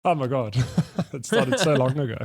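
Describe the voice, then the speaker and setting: A man co-hosting a podcast, chatting casually with plenty of laughs and quick reactions. His voice sounds close and dry, with no room around it. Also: medium pitch, expressive, dry recording. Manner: laughs often, short reactions like "my goodness". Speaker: podcast co-host. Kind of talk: casual chat.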